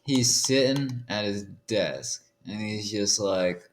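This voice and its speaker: Very low-voiced woman narrating improv. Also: slow pace. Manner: rambling, giggly, self-correcting. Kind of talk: improvised comedic storytelling. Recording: echoey room.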